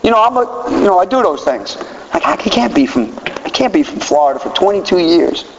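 A man in his fifties giving an animated, self-mocking personal talk as a recovery speaker. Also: sits high, brisk. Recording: distant hall, dull and noisy.

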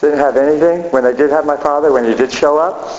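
A man's voice: on the high side, fairly even intonation, fast talker, a little mellow. A middle-aged man giving a blunt, profane, self-mocking personal recovery share at a meeting. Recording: echoey hall, dull lo-fi sound.

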